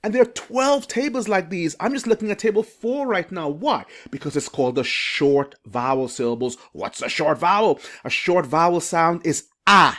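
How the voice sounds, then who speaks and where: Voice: mid-range voice, lively intonation, a bit bright. Reading teacher explaining phonics to parents, voice goes up and down a lot, stops to ask questions. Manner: sounds out phonics slowly and asks the viewer questions. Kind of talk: educational explainer video.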